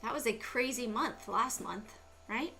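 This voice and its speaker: Bright, animated woman hosting a market livestream. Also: on the high side, unhurried, vocal fry, faint music behind. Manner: animated, exclaims and asks rhetorical questions. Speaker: stock market livestream host. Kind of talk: casual chart commentary.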